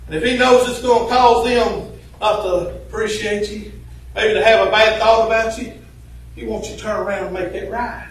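A man preaching a sermon in a church, with a rhythmic delivery full of "uh" fillers that swells into shouted, sung phrases. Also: sits high, steady tone, moderate pace. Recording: very echoey church from far off.

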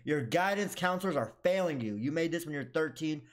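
A young man talks through a horror game with crude, joking commentary, scolding the characters as if they could hear him. His pitch swings widely, and frights push him into sudden high yelps. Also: animated, brisk. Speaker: gaming YouTuber.

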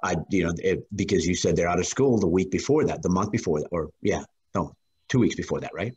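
A man talking in a casual class discussion as a student, hesitant, with many fillers and frequent throat-clearing. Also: low-pitched, a little fast, darkish tone.

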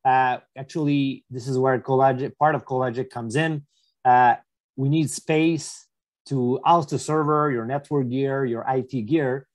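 A man's voice: medium pitch, steady tone, measured pace, no room sound. A man presenting in a webinar, hesitant and often repeating words. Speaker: engineering executive.

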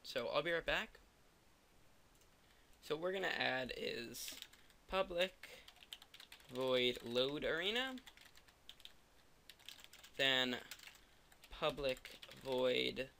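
A man's voice: mid-range voice, lively intonation, very slow, creaky, long pauses, bright, forceful tone, slight background noise. A tired young man narrating a coding tutorial, thinking aloud and joking at himself as he types. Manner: rambling, self-mocking, thinks aloud. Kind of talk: screen-recorded coding tutorial.

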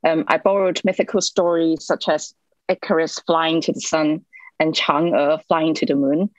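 Woman w/ local doing a poetry reading, low voice, dry close sound, lots of ums in between. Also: fairly even intonation, dry recording, muffled recording. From Hong Kong. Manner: measured recital, hesitant "um" fillers when chatting. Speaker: poet. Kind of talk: poetry reading with short spoken introductions.

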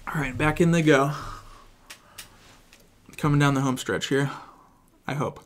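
A man's voice: a little high, fairly even intonation, a little slow, a little hiss or hum. Gum-muffled man reading a script. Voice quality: mouth stuffed with chewing gum. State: dry throat. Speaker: video creator. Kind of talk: reading a film script aloud.

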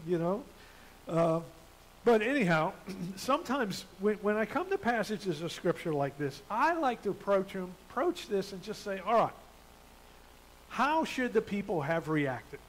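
A man's voice: high-pitched, measured pace, poor audio. A man pastor reading scripture and preaching a sermon in a conversational way, with fillers and restarts. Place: church.

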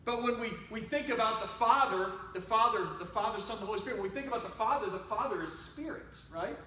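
A man preaching a sermon as pastor, talking conversationally and swinging between loud exhortation and quiet asides. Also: high-pitched, quick pace. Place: church sanctuary. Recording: roomy church sound from a distant mic.

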